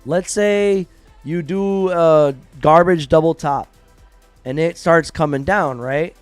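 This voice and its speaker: A man's voice: on the high side, slow, smooth, no echo, faint music behind. Blunt, profane man teaching trading live. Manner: blunt, profane, animated, acts out traders' reactions. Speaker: trading livestream host. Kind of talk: live-stream trading lesson.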